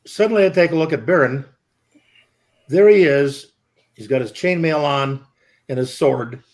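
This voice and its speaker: Teasing man, slightly high voice. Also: normal speed, a little mellow. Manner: teasing, sets up stories about his friend. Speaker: podcast co-host. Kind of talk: casual storytelling chat.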